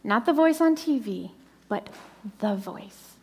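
A middle-aged woman preaching a sermon, slowing down and dropping to a soft whisper for emphasis. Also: on the high side, expressive, husky, long reverb tail.

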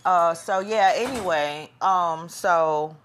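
A woman hosting a podcast delivers a casual, chatty monologue in a fairly low voice, taking her time. She rambles and frequently loses her train of thought, with slight background noise behind her.

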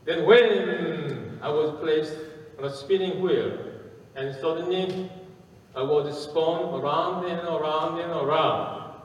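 A man with a fairly high voice preaches a sermon and tells a story, speaking haltingly with pauses and fillers. He was recorded from far away in an echoey hall, and the sound is muffled.

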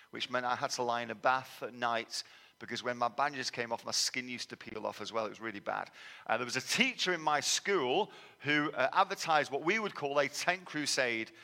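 A man's voice: medium pitch, pushed and bright. A man from England with a Manchester accent, giving a sermon testimony in a conversational, self-deprecating storytelling manner. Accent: Manchester English. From England, raised in Manchester. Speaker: guest preacher. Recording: long hall reverb.

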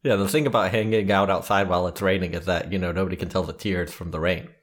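A man co-hosting a podcast in casual chat, with dry, deadpan humor. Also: deep voice, quick pace, a little hiss or hum. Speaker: podcast co-host.

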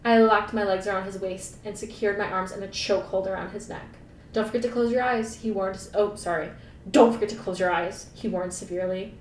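A woman's voice: steady tone, fairly quick. A woman podcast co-host reading a novel aloud, breaking off for playful, sarcastic jokes. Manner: playful, laughing, sarcastic asides. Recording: echoey room, mic at a distance, faint rumble.

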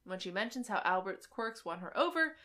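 A woman co-hosting a casual podcast, giving a sarcastic, swearing, animated recap of a movie plot. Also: mid-range voice, fairly quick. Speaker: podcast co-host.

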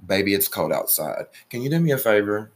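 Young guy from alabama hosting a podcast, lowish voice, rambles, swears a bit. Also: big pitch swings, a little fast, slight background noise. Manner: opinionated, swears, trails off mid-sentence. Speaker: podcast host. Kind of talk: casual chat.

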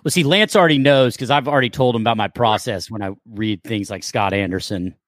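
A man's voice: lowish voice, quick pace, no room sound. Joking male actor, dry sound. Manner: animated, joking storyteller. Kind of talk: casual interview chat.

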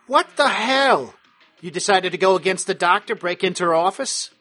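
A man's voice: high voice, steady tone, quick pace, fairly bright tone, soft background music. A man voicing a brash, swearing gangster boss who lectures and scolds. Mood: scolding.

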